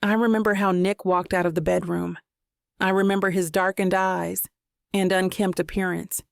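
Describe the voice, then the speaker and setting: A woman's voice: medium pitch, level tone, normal speed, vocal fry, no echo, clean studio sound. A woman narrating a first-person romance audiobook in an intimate, reflective manner.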